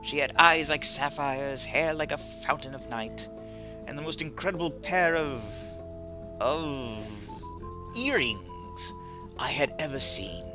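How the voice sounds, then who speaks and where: A man doing a dry, snobbish gentleman burglar. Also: fairly high pitch, slow, music in the background. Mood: rambling. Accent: put-on British. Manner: dry, deadpan, wry asides. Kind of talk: video game voice-over reading.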